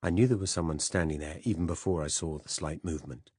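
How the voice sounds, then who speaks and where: A man narrating a first-person spy novel as an audiobook in a measured, even way. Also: a bass voice, slightly rough, dry recording, studio quality.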